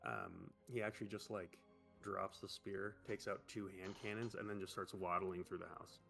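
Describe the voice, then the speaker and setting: A game master narrates a tabletop game in a loose, rambling way, piling on fillers. His voice is deep and gravelly, with faint music in the background. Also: expressive, moderate pace, fairly bright tone. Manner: rambling, full of "like".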